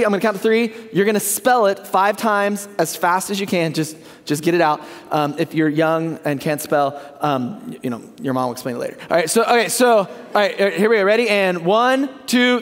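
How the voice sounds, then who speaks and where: A man with a very high speaking voice preaches in a relaxed, chatty way, cracking jokes and asking the crowd if they follow. His words ring out with the long reverb of a church sanctuary. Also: fairly quick. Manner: joking, keeps checking in with the congregation. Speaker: pastor. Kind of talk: casual conversational sermon.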